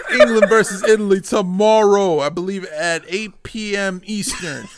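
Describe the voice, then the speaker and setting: A man co-hosting a podcast in casual chat, excitable and loose, swearing and tripping over names. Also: high-pitched, a little slow, crowd noise. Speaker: podcast co-host.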